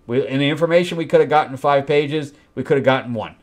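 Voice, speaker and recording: Brief: male host critiquing a comic, blunt and exasperated, mocking the story in quick asides. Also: mid-range voice. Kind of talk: comic book review.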